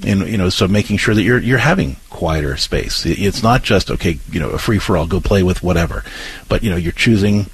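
A man with a low-set, very husky voice talks through parenting advice on a chat show. He is earnest and restarts often, now and then acting out the gentle words a parent might say to a child. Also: lively intonation, brisk. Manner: earnest, many restarts, acts out comforting lines to a child. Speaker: co-host giving parenting advice.

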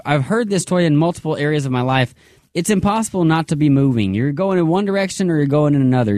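A man with a fairly high voice hosts a radio pledge drive in an upbeat way. He prays aloud between appeals and keeps repeating the phone number. The studio sound is dry and close. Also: darkish tone, no echo. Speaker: radio fundraiser host.

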